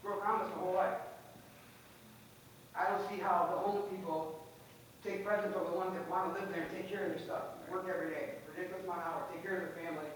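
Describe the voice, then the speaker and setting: A man's voice: high-pitched, steady tone, quick pace. A man speaking as a resident at public comment in a council meeting, agitated and emotional, restarting his sentences. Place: council chamber. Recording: far-off mic in an echoey chamber, faint noise.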